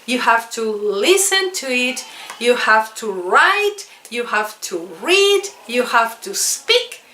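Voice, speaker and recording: Slow, bright-voiced woman teacher, echoey. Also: on the high side, sing-song, a little hiss or hum. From South America. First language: Spanish. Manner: earnest, repeats points for emphasis. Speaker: English teacher. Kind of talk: casual video lesson. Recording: echoey room.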